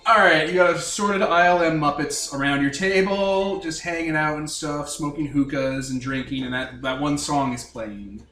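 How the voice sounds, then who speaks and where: Wry game master in an echoey room. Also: male voice, a little high, normal speed, hardly any pauses, sharp tone. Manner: wry, rambling scene-setting. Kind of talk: narrating a tabletop game. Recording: echoey room, from far off, music behind.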